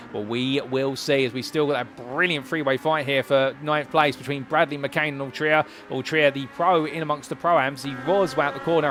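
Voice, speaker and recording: A man giving live play-by-play commentary on a sim racing event, with rapid calls that rise to excited shouts. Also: fairly high pitch. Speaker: race commentator.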